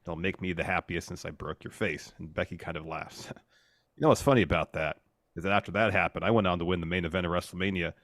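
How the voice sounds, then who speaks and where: A man with a deep, low voice recaps a wrestling match move by move in an easygoing podcast manner, filling pauses with frequent fillers. The recording is close and dry. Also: a bit bright, no room sound. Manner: walks through matches step by step, filler-heavy. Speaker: podcast co-host. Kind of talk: casual play-by-play recap.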